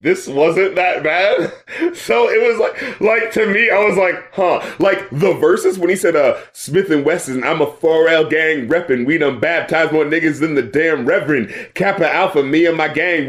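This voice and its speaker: Loose, laughing man with a higher voice. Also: moderate pace. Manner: loose, laughing, profane, acts out others' reactions. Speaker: podcast co-host reviewing albums. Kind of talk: casual chat.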